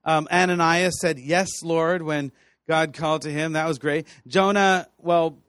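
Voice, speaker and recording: A man with a fairly high voice teaches scripture to a room of students, animated and playful. He acts out the people in his stories and laughs often. The sound is dry and close. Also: measured pace, clear, resonant tone, no room sound. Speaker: Bible teacher. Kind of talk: lively teaching talk to students.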